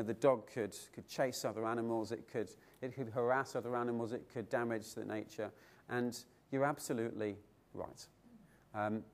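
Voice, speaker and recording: A middle-aged man giving a keynote speech at a conference, telling stories and asking his audience rhetorical questions. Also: medium pitch. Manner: lively storytelling with rhetorical questions. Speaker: keynote speaker. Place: conference hall.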